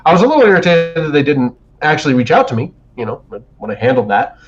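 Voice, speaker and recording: This podcast co-host's voice is fairly high, with big pitch swings and a quick pace. He's chatting casually, telling a long profane story full of restarts, over dull lo-fi stream audio.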